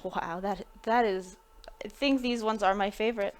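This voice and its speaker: Woman host, casual streamer chat, mid-pitched, loose and chatty, laughs easily. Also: steady tone, moderate pace. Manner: chatty, thinking aloud, laughing between remarks. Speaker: live-stream pack opener.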